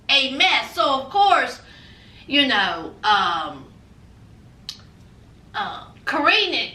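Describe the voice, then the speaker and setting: A woman recaps a reality show with sassy, animated storytelling. Her voice is very high and bright, and it swings widely in pitch. She sounds a bit far from the mic, in a roomy, echoing space. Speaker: reality TV reviewer. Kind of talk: casual recap commentary.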